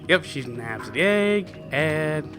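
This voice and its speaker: A man's voice: on the high side, expressive, takes it slowly. Enthusiastic man commenting on gameplay. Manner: enthusiastic, chatty, addresses viewers as guys. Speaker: let's-play host. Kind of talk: video game commentary. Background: game music.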